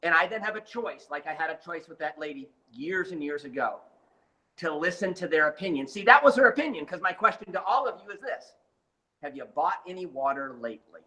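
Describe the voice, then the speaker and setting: A man's voice: a little high, a little fast, low-quality recording. A man telling his life story in an interview, emphatic and dramatic, getting fired up as he speaks. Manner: gets fired up and animated. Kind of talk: motivational storytelling.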